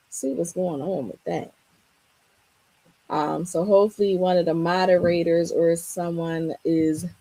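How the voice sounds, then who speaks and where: A woman hosting a casual livestream, her voice strained and raspy, greeting viewers by name in an upbeat, chatty way. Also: medium pitch, dark tone, no room sound, poor audio. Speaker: livestream host and Canva teacher.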